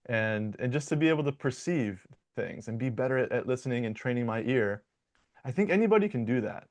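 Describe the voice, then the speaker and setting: A man's voice: mid-range voice, lively intonation, a little fast. A man from Michigan working as a dialect coach, explaining his ideas in a conversational interview, with frequent restarts and repeated words.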